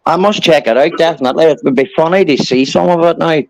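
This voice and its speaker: An Irish man in his forties, with an Irish accent, rambles through stories as a guest in casual chat, swearing now and then. His voice is on the high side and a little mellow, he talks quickly, and the recording is rough.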